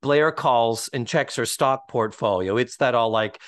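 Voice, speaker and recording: A man hosting a podcast in casual chat, animated and swearing freely as he acts out quotes. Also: medium pitch, unhurried, clear, resonant tone, dry recording. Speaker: podcast host.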